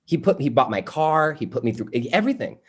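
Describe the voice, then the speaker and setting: A young adult man teaching a workshop, telling a family story in a loose, animated way with many fillers like "you know" and "like". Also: medium pitch, fast talker, slightly rough. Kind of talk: personal storytelling in a workshop talk.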